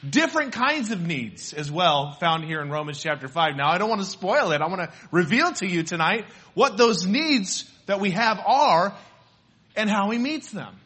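A man's voice: sits high, big pitch swings, moderate pace, sharp tone, husky. A male pastor preaching a sermon in a conversational way, telling a personal story and putting questions to the congregation.

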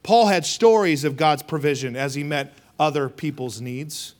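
Male pastor, sermon, emphatic call-and-response, high voice. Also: moderate pace. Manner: emphatic, call-and-response preaching with rising and dropping delivery.

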